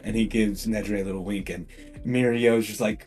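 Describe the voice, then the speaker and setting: A young man casually narrating a fan-made story, excitable and slangy, full of fillers. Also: on the low side, fairly quick. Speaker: YouTube storyteller. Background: faint background music.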